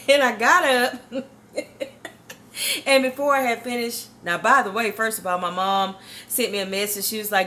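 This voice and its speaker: A woman's voice: medium pitch, moderate pace, bright, forceful tone, a little hiss or hum. A middle-aged woman giving a devotional morning testimony, chatty and exuberant, laughing often and repeating phrases like a preacher. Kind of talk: informal devotional talk.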